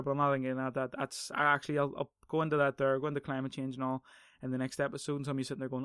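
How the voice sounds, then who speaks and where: A man's voice: mid-range voice, flat delivery, very fast, a bit bright, clear, resonant tone, no room sound, clean studio sound. A man hosting a podcast, talking off the cuff in a profane, heated rant that keeps drifting into tangents. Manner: profane, ranting, goes off on tangents; heated and emphatic. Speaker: podcast host. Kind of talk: casual monologue on arguing.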